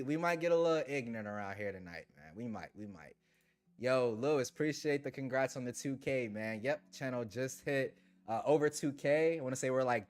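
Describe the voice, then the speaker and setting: A man hosting a tech livestream, chatting casually with viewers in relaxed slang and laughing often. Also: medium pitch. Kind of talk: casual livestream chat reading super chats.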